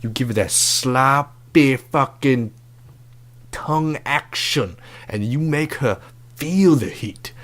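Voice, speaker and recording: A brash, crude love-advice doctor, put on by a young man for a comedic podcast bit. He talks in swaggering, profane slang at an ordinary middle pitch. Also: animated, takes it slowly, a bit bright.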